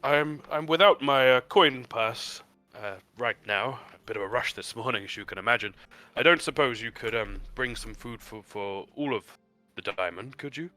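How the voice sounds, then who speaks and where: A man's voice: mid-range voice, moderate pace, pushed and bright, dry recording, faint music behind, lightly acted. A man voicing a flustered, evasive male council member who stammers and hesitates. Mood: nervous, placating. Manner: hesitant, stammering, full of ums.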